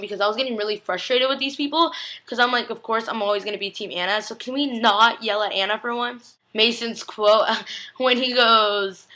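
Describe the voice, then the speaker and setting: A young woman vlogs a recap of a TV episode, gushing and chatty and close to tears. Her medium-pitched voice is pushed and bright, with fairly even intonation and a slightly fast pace. She says "like" constantly and acts out quotes from the show.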